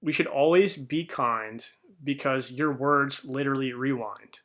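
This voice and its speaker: Man, bright forceful voice, earnest, casual storytelling, lots of ums. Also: medium pitch, measured pace. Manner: earnest storytelling with many fillers. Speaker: podcast host. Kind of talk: casual reflective monologue.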